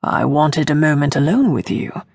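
A woman voicing a brooding, cunning young man in an audiobook, speaking in a low, terse, dry way. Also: lively intonation, moderate pace, vocal fry, darkish tone, breathy edge, no room sound, full character voice. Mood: cool. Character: brooding young male rogue, gruff and cunning.

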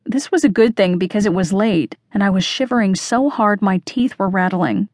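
A woman's voice: mid-range voice, no room sound. Woman narrating a mystery audiobook, dry close sound. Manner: measured, expressive reading. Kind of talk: first-person audiobook narration.

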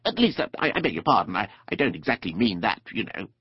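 A man voicing a sociable, gossipy male river otter with a gruff, blustery, chatty manner in a storybook reading. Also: fairly low pitch, big pitch swings, fast, no room sound. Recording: dull dry studio recording.

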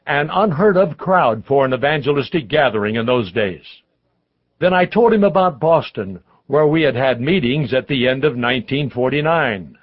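A man's voice: on the high side, husky, dull audio. Man narrating a memoir audiobook. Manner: measured first-person storytelling.

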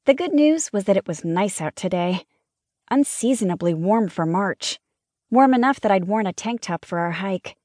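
A woman reads a cozy mystery audiobook in first person, with a lively, wry storytelling manner. Her voice sits in a middle register, and the studio booth sound is dry and close. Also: mid-range voice, no echo. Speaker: audiobook narrator.

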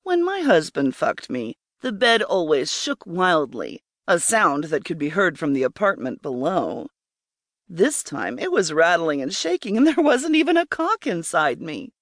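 Slow, intimate woman audiobook narrator. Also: on the low side, sing-song, no room sound, clean studio sound. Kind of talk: first-person erotic story narration.

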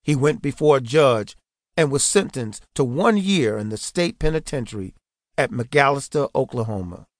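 A man narrating an audiobook in a steady, earnest way. His voice sits at an ordinary middle pitch. It is recorded close and dry, with no room sound at all. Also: moderate pace, no echo.

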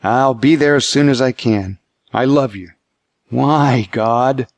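A man's voice: mid-range voice, slow pace, no echo. A man voicing a cautious, tender father of a bullied son, speaking tentatively in an audiobook. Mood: angry. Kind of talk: audiobook character voice.

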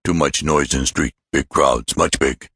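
A deep, booming giant, voiced by a man, low and heavy, talking in short slow chunks. The voice sits far below the narrator's own. The recording is dry and close. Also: pushed and bright, husky, dry recording, exaggerated voice. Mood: blunt. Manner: slow, clipped phrases.

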